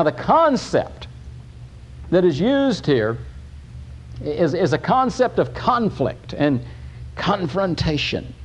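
A man preaching a sermon, emphatic, with pauses and restarts. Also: a little high, gravelly, breathy edge, dull audio.

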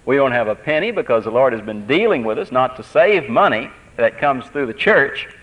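Preaching as a pastor, a man with a medium-pitched voice delivers a sermon woven with personal stories, speaking at normal speed in a very animated, earnest, conversational way. He repeats phrases as he goes. The audio sounds like a dull lo-fi tape.

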